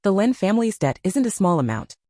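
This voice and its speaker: A woman's voice: mid-range voice, fairly quick, no room sound, clean studio sound, natural voice. A woman voicing an aloof, businesslike young man who runs a company, in an audio novel. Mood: cool. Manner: calm, businesslike. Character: aloof stern young male company president.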